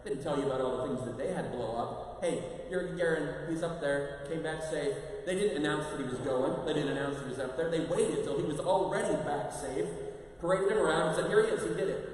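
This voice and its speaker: A priest giving a parish mission talk in a conversational, animated way, acting out quotes. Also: male voice, a little high. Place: large church. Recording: echoey church, voice from far off.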